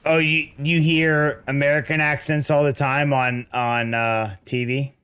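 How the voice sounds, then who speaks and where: A man's voice: on the high side, flat delivery, a little slow, a bit bright, clean tone. A man chatting casually with his viewers while playing a hard action game, joking and getting distracted mid-fight. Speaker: gaming streamer. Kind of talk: casual gameplay commentary with chat.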